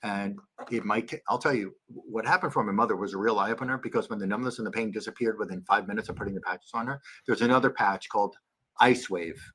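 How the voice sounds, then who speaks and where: A man's voice: fast talker, slight background noise. A man guesting on a podcast over a video call, telling stories with eager enthusiasm. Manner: animated storyteller, acts out quotes in a high voice. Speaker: chiropractor guest.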